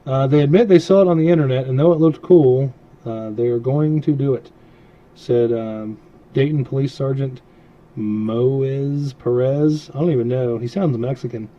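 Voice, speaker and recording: A man's voice: mid-range voice, moderate pace, muffled recording. A man co-hosting a podcast, reading out news stories in casual, profane banter with friends in a studio. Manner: profane, rambling. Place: small studio.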